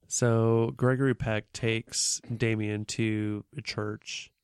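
A man's voice: fairly low pitch, flat delivery, slow, a little mellow, smooth, dry recording, clean studio sound. A man co-hosting a podcast, casually recapping a movie plot in a laid-back way with fillers. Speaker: podcast co-host.

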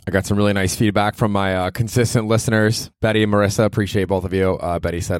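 Male comedy podcast host, very low voice, rambling and crude, dry close sound. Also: quick pace, few pauses, no room sound. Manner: rambling, profane, self-mocking. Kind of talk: casual solo podcast monologue.

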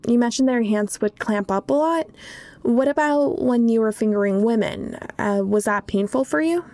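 A woman narrating a documentary and putting interview questions in a measured way. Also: fairly high pitch, a little mellow.

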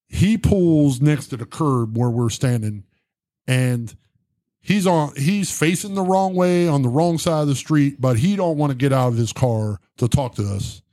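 A middle-aged man, an army veteran, telling a story in a heated, profane, animated way. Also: mid-range voice, no echo, studio quality. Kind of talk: casual storytelling.

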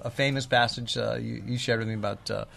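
A man hosting a podcast interview, casual and halting as he asks questions. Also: medium pitch, fairly even intonation, gravelly, a bit bright. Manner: halting, many fillers and restarts while asking. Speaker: podcast host.

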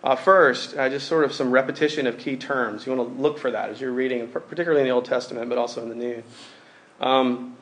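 A man's voice: medium pitch, steady tone, fast, fairly bright tone, slight background noise. Conversational man preaching to a group. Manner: conversational preaching with fillers, reads scripture aloud. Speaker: pastor. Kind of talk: sermon.

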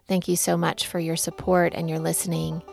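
A middle-aged woman hosting a podcast, telling a story and reflecting in a gentle, unhurried way. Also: on the low side, little pitch movement, gravelly, soft background music. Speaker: podcast host. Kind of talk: reflective spoken talk.

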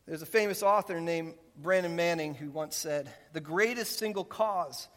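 A man, a pastor, preaching a sermon with animated, conversational delivery, voicing God in quips. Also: fairly high pitch, moderate pace. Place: church sanctuary. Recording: long reverb of a large hall.

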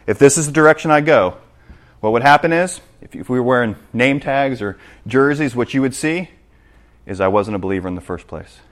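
A man preaching a sermon in church, animated, acting out scenes and checking in with the congregation. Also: medium pitch. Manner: animated, acts out scenes, asks the congregation "right?". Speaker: pastor.

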